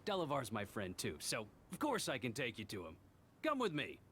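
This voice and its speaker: An actor playing a sly, mocking male tavern schemer in a game, smooth and taunting. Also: mid-range voice, huge pitch swings, brisk, a bit bright, a little hiss or hum. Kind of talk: game voice acting.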